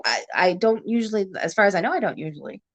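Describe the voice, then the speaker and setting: A woman's voice: mid-range voice, animated, fast, a bit bright. A woman from Ontario with a Canadian accent, hosting a rambling, casual chat at home and laughing often. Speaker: livestream host. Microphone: camera on a stand.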